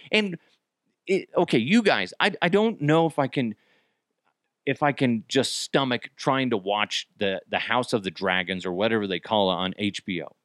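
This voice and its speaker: A man hosting his own podcast alone, venting in a profane, exasperated rant that jumps into sudden yelling. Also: medium pitch, normal speed, no room sound, clean studio sound. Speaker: podcast host. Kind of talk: solo ranting podcast.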